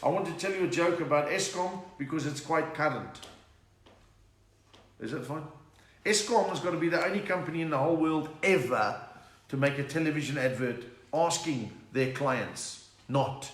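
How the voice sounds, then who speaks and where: A South African comedian chats and puns through a home live stream, reading out viewers' names. His voice sits a little high. The room is echoey. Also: normal speed, fairly bright tone. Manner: chatty, punning, reads out viewer names. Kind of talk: casual joke-telling live stream.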